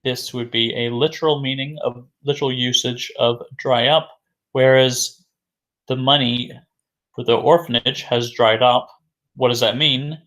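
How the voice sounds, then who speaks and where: A male English teacher talks through a vocabulary lesson at an unhurried pace. His voice sits at an ordinary middle pitch. He repeats each new phrase and answers his own questions in a patient, measured way. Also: steady tone, a bit bright. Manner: slow and deliberate, repeating key words; asks questions then answers them himself.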